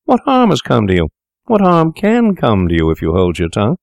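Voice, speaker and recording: A man's voice: medium pitch, wildly swooping pitch, a little fast, creaky, no room sound, voice pushed up. A man voicing a cool, coaxing young doctor.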